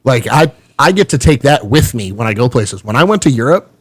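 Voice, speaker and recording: A man from Texas with a Texan accent, a podcast host chatting casually and telling animated stories with quoted voices. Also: medium pitch, a little fast, slightly rough, no echo. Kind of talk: casual chat.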